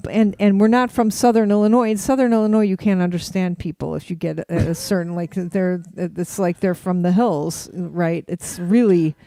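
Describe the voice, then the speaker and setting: A woman's voice: on the low side, fairly even intonation, moderate pace, few pauses, warm tone. A middle-aged woman from the Chicago area with a Chicago accent, co-hosting a casual chat show and rambling with many restarts. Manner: chatty, rambling, lots of restarts and fillers. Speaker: podcast co-host.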